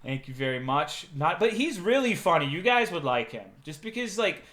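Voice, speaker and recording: A young man streaming, telling profane, animated anecdotes to his chat and acting out the quotes. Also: on the high side, normal speed. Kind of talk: casual storytelling to chat.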